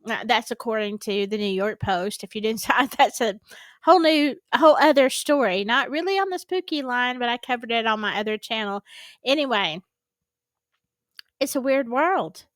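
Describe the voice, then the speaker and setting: A woman's voice: a little high, moderate pace, a bit bright, no room sound. Chatty woman, dry close sound. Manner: chatty and rambling, with many fillers and restarts. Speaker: host. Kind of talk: casual reaction commentary.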